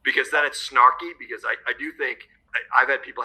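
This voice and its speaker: A man's voice: medium pitch, sharp tone, slightly rough, low-quality recording. A man co-hosting a business podcast, reflecting on his own work habits. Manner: fast, reflective, shares personal practices. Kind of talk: podcast conversation.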